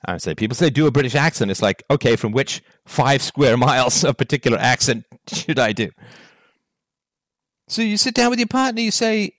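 A man delivering a solo monologue on virtue and relationships, firing off rhetorical questions with emphatic, animated delivery. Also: mid-range voice, fairly quick, no room sound, studio quality. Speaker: philosophy talk host.

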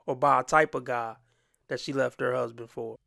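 Blunt, gravelly male commentary host. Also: mid-range voice, fairly even intonation, normal speed, bright, forceful tone, no room sound, studio quality. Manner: blunt, crude, mocking. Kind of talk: reaction commentary.

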